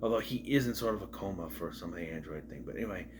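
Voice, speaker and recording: A man's voice: low voice, very fast, noisy background. A man talking through an episode in a loose, rambling, casual retrospective. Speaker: show reviewer.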